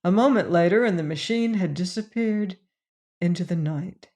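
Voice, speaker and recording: A man reading a novel aloud as an audiobook narrator, in a measured, even delivery. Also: sits high.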